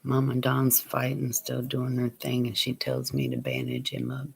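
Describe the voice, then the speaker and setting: A man telling a personal story on his vlog, plain and unhurried, sometimes dropping to a near whisper. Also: mid-range voice, gravelly, breathy edge. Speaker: vlogger.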